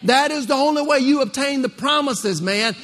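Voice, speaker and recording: High-voiced man preaching in an echoing church. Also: moderate pace, a bit bright. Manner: rousing call-and-response preaching, repeats phrases. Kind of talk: sermon. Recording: long reverb of a church hall.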